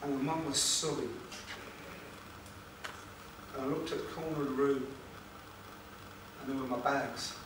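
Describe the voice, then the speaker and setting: A man tells an emotional personal story to a seminar audience, pausing for effect and putting questions to the room. His voice sits at an ordinary pitch and is picked up from a distance. The room is very echoey, with clear background noise. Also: steady tone. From England. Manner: emotional, dramatic pauses, rhetorical questions to audience. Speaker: motivational speaker.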